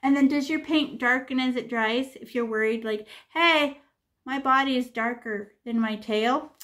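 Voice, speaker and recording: A woman's voice: sits high, a little slow, a bit bright. A woman art teacher leading a live painting class over a video call, chatty and chanting repeated words as she paints.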